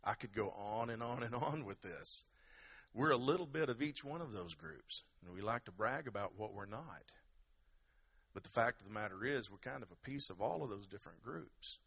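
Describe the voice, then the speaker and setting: A man's voice: fairly low pitch, animated, normal speed, a bit bright, breathy edge. A man preaching a sermon in a conversational, emphatic way and urging the congregation to give praise. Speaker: pastor.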